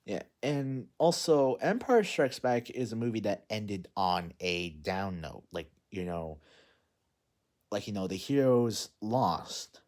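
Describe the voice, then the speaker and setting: A man's voice: lowish voice, animated, slow, darkish tone. A man casually recapping a movie in a rambling, unscripted way, full of fillers and restarts. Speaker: movie vlogger.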